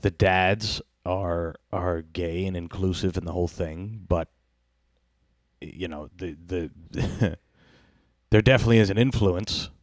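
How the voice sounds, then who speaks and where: Podcast host, deep dry voice, rambling profane comedy chat. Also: male voice, steady tone, slow pace, no echo. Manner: rambling, profane, laughs often.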